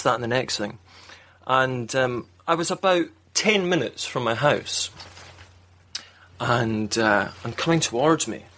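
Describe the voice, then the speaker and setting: A man's voice: mid-range voice, fairly bright tone. A man with a Scottish accent telling a rambling, self-mocking story in casual chat, laughing often. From Scotland.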